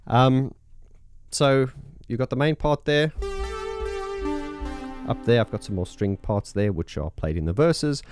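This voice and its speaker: A man's voice: on the low side, big pitch swings, normal speed, pauses often, music in the background. A man with an early morning voice, a keyboard player walking through his setup in a casual, enthusiastic, rambling way. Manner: enthusiastic, rambling, many fillers. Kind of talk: casual demo talk.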